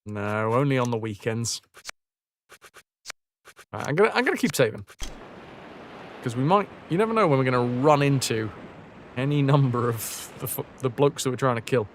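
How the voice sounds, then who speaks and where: A man's voice: medium pitch, expressive, normal speed, pauses often, slight background noise. A man chatting and joking as he streams a game, talking to his chat and to the game. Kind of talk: live gameplay commentary.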